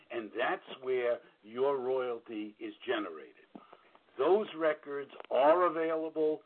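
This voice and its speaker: On a call-in broadcast, a blunt book royalty auditor with a New York accent gives straight-talking advice without sugarcoating anything. He speaks plainly at a medium pitch, stumbling over fillers and restarts, and his voice comes through thin and tinny like radio over a phone line.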